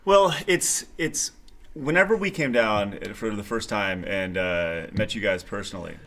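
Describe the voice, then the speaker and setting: A man's voice: lowish voice, a little slow, fairly bright tone. A man telling a story in casual podcast chat, laid-back and a bit hesitant.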